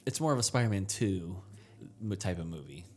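Podcast co-host, male, low voice with a very animated pitch, opinionated, mimics film characters mid-sentence. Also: a little fast, breathy edge, soft background music. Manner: opinionated, acts out quotes in mocking voices. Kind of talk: casual chat.

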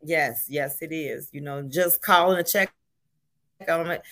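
A woman's voice: low-pitched, fairly even intonation, normal speed, a bit bright. An older woman, a grandmother, talking earnestly as a guest on a talk show, often repeating words as she makes her point. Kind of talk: casual chat.

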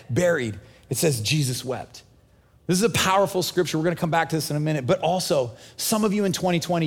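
A pastor delivers his sermon with a notably high-pitched male voice. He keeps it loose and conversational, slipping into voices for the characters as he goes. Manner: casual, conversational preaching with acted-out dialogue.

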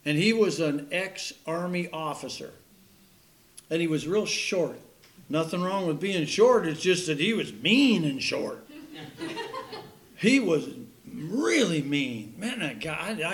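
A man's voice: on the high side, animated, measured pace. A man preaching a sermon in a folksy, joking way, laughing at his own puns and stories.

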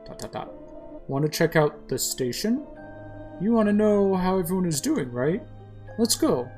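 A woman's voice: lowish voice, big pitch swings, normal speed, a little mellow, soft background music, pitched above the performer's own voice. A woman voicing a friendly, helpful male bear who cooks in a video game, upbeat and encouraging. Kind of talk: video game voice-over reading.

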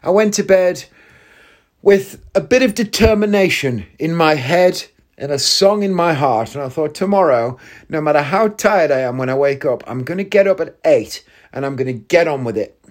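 A man's voice: a little high, animated, moderate pace. A man hosting a casual solo podcast, chatty and self-mocking, laughing at his own jokes. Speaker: podcast host.

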